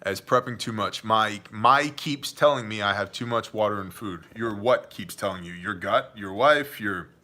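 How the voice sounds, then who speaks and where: A man with a bright, forceful voice hosts a casual livestream Q&A. He jokes around and keeps things chummy, calling viewers "brother" and "man". His talk is loose, with plenty of restarts. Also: on the low side, moderate pace, few pauses. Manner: joking, chummy, addresses chatters as man and brother. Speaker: livestream host answering viewer questions. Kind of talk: casual live Q&A chat.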